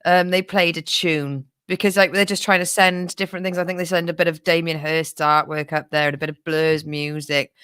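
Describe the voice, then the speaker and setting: A woman's voice: deep voice, level tone, fairly quick, hardly any pauses, fairly bright tone, clear, resonant tone, no room sound. A young woman co-hosting a comedy podcast, chatty and joking, swearing and laughing a lot. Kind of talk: casual comedic banter.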